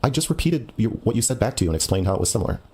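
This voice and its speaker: A man's voice: on the low side, sing-song, very fast, darkish tone, husky. A man streamer arguing with a caller in a blunt, lecturing way, often cutting the other person off. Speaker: streamer taking a call. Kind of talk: heated debate on a call.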